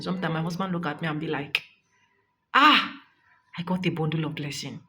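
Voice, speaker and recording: A woman's voice: on the low side, a bit bright. A young Nigerian woman vlogging a fervent, preachy testimony of thanks, close to tears. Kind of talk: emotional testimony vlog.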